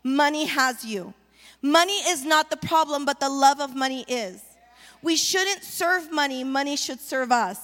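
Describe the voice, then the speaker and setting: A woman's voice: sits high, expressive, a little slow, fairly bright tone, faint music behind. A woman preaching a sermon as the pastor's wife, rallying the congregation with call-and-response. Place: church sanctuary. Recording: long reverb of a large hall.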